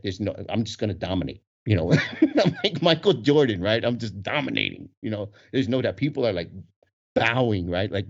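A man telling a casual story with animated energy, laughing often and acting out the voices of the people in it. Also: medium pitch. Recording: dull lo-fi recording.

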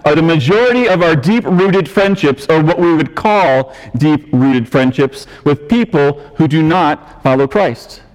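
A man's voice: fairly high pitch, big-room sound, rough recording. A man preaching as a pastor, earnest and conversational, shifting his emphasis as he explains the text. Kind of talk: sermon. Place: church sanctuary.

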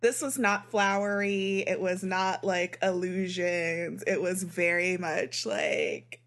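A woman's voice: on the low side, animated, slow pace, fairly bright tone. Giggly woman retelling a book. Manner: filler-heavy, giggly retelling. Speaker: podcast co-host. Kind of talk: casual book-club chat.

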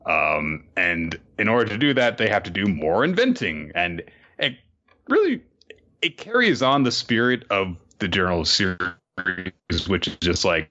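A man co-hosting a podcast, casually chatting and recapping with a relaxed, chuckling manner. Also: deep voice, normal speed. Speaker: podcast co-host. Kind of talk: casual chat recapping a comic. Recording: dull lo-fi mic.

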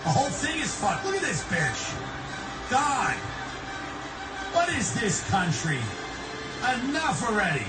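High swingy frantic guy cussing on a hot mic, sounds far off and echoey, loud music. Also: sing-song, slow pace, long pauses. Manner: profane, frantic ranting. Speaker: broadcaster caught on a hot mic. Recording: roomy distant TV audio over loud music.

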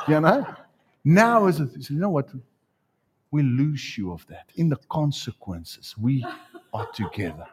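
Animated husky-voiced male preacher. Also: on the high side, slow, long pauses. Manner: animated storytelling with live demonstration. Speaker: pastor. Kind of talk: sermon. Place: church before a congregation.

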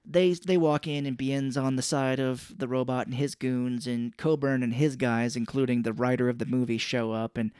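Animated man recapping a movie. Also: moderate pace, few pauses, smooth, no room sound, clean studio sound. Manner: animated retelling, jumps into squeaky put-on voices for characters. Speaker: podcast co-host. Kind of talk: casual movie recap chat.

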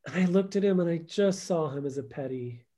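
Brief: man, interview guest, higher-pitched voice, storytelling, acts out quotes. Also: a little fast, warm tone. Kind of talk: conversational podcast interview.

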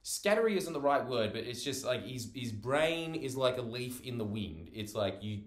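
A man's voice: mid-range voice, big pitch swings, moderate pace, echoey room. A young man talking in a casual monologue, rambling, swearing freely and cutting himself off mid-thought. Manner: rambling, profane, self-interrupting.

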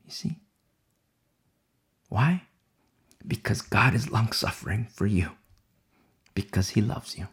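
A man preaching a sermon with fervent, dramatic delivery that swings from loud declarations to hushed whispers. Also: lowish voice, animated, slow, pauses often, husky.

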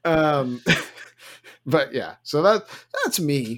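A man's voice: on the high side, big pitch swings, very slow. A man in his thirties co-hosting a casual podcast, joking and playfully exaggerating. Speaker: podcast co-host. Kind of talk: casual chat.

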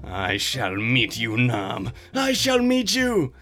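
Man doing a giddy high-pitched boss, loud and frantic, faint music behind. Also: big pitch swings, normal speed, heavily acted. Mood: giddy excited. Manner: shouty, giddy, breaks into squeals. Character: frantic excitable male studio boss.

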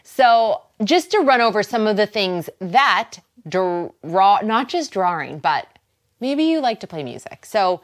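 A woman from Boston with a Boston accent, hosting a wellness show in a chatty, encouraging way and laughing easily. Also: fairly low pitch. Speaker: host. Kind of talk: casual wellness talk to camera.

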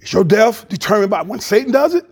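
A male pastor preaching a sermon with animated preaching that drops to a hush. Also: sits high, quick pace, husky.

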